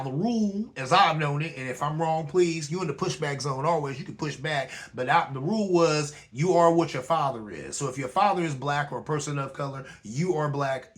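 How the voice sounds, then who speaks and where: Chatty male host with a higher voice. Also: fairly bright tone. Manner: conversational, repeats "you know what I'm saying". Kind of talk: casual commentary monologue.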